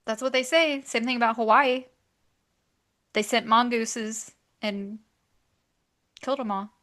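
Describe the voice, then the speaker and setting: A woman's voice: on the high side, fairly even intonation, measured pace, a bit bright, dry recording, studio quality. A woman co-hosting a podcast in casual chat, chiming in with questions and asides. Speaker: podcast co-host.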